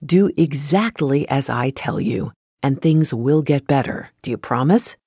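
Storyteller as a calm, kindly old rabbi. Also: medium pitch, measured pace, husky, no echo, clean studio sound. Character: wise calm old rabbi, gentle and patient. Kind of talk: storybook reading.

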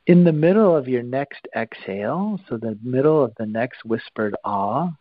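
A man guiding listeners through a breathing exercise, calm and instructive, with long pauses. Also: medium pitch, no echo, dull audio. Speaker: breathing teacher.

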